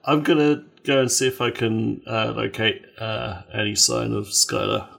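A man's voice: medium pitch, steady tone, normal speed, creaky, fairly bright tone. A man playing a tabletop game, joking and poking fun at himself. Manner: joking, self-mocking. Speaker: player.

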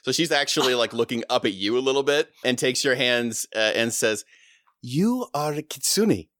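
A man's voice: medium pitch, fairly quick, fairly bright tone, no room sound, studio quality. A man narrating and running a tabletop role-playing game, laughing often. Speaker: game master.

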